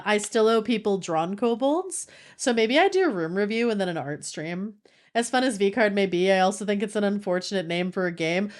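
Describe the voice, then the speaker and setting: A woman streamer chatting casually with her live audience, playful and laughing often. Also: mid-range voice.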